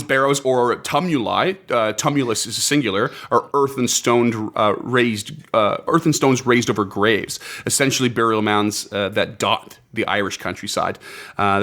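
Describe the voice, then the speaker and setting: Deep-voiced man hosting a podcast. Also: a bit bright. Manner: reads out folklore notes with enthusiasm; laughs often. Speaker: podcast host. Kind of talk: casual podcast chat.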